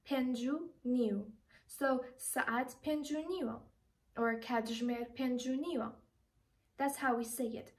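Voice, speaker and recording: A young woman from Iraqi Kurdistan teaching an online language lesson, speaking slowly and repeating each word with care. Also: high-pitched, distant mic, rough recording. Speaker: language tutor.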